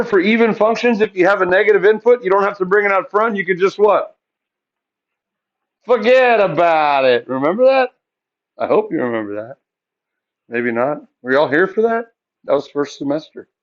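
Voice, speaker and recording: A man's voice: high-pitched, lo-fi sound. A male math teacher lecturing a classroom, asking the students questions and answering them himself.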